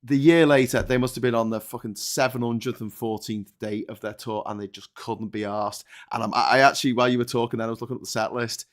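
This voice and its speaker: A man hosting a casual chat, recalling concerts in a relaxed, wry way. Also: mid-range voice, fast talker, hardly any pauses.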